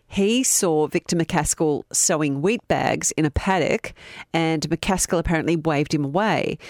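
A woman hosting a podcast, telling a true crime story in a steady, matter-of-fact way with asides. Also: low voice, no echo, studio quality. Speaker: podcast host.

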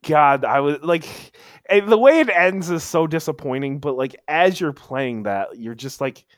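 A man's voice: a little high, animated, normal speed, no room sound. Man, casual podcast chat, rambling, emphatic, dry close sound. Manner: rambling, stumbling restarts, emphatic storytelling. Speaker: podcast co-host.

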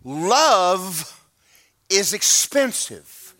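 A man's voice: high-pitched, big pitch swings, very slow, sharp tone. A man, preaching a sermon to his church in a folksy, humorous, emphatic way. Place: church sanctuary.

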